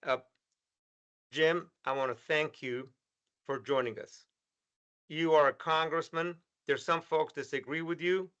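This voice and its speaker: A male host closes out a panel discussion, stumbling and restarting words as he goes. His voice sits a bit high, and the recording is dull and lo-fi. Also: fairly even intonation, measured pace, long pauses, a bit bright, smooth. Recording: dull lo-fi sound.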